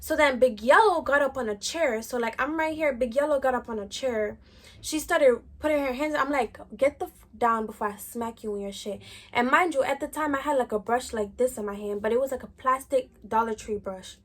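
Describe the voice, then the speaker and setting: Young woman vlogger w a high voice, slangy n chatty, says like a lot. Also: a little fast. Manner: slangy, chatty, lots of "like" fillers. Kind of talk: casual storytime chat.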